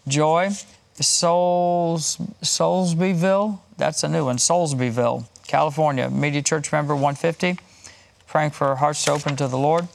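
A man's voice: on the high side, fairly even intonation, a little slow, vocal fry. A man hosting a Christian broadcast, reading donors' names, places and prayer requests with light chuckles. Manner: warm, chuckling, reads names and places in a list. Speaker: host reading donations.

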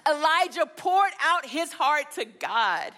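A woman preacher delivering an earnest, expressive sermon and retelling scripture with feeling. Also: sits high, slow pace.

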